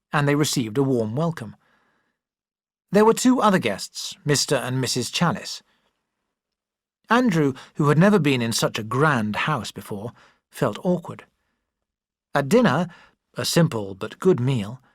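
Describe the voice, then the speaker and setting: An expressive audiobook reader narrating a classic novel, the pitch rising and falling in a lively way. Recorded on a close mic, the sound is dry with no room around it. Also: dry recording. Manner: expressive, shifting voices for characters.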